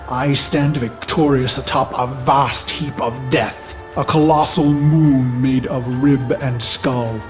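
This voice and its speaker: A man's voice: mid-range voice, lightly acted. Ordis: a man playing a haunted, vengeful warlord. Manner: slow, grave, haunted inner monologue. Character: brooding, vengeful human warlord recalling his past. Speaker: narrator of a memory. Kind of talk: game cutscene narration.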